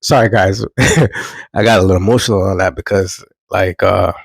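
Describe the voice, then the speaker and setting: A man's voice: low voice, steady tone, moderate pace, creaky, husky, dry recording, rough recording. A man vlogging casual spiritual advice, earnest and preachy, repeating phrases for emphasis.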